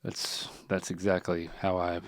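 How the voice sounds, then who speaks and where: A man's voice: low voice, completely flat delivery, a little slow, slight background noise. A man hosting a casual chat in a playful, teasing, coaching manner. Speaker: podcast host, the son.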